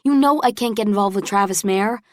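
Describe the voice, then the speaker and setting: A woman voicing a wary young college woman who defends herself quickly in an audiobook. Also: medium pitch, no room sound, clean studio sound, close to an everyday voice. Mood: defensive.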